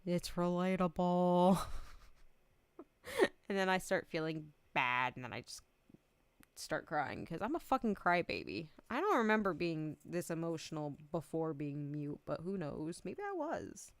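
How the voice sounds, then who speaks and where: A woman's voice: low voice, very animated, unhurried, creaky, no echo. Giggly, swearing woman streamer. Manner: rambling and giggly, swears freely. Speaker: VTuber streamer. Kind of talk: casual chat stream.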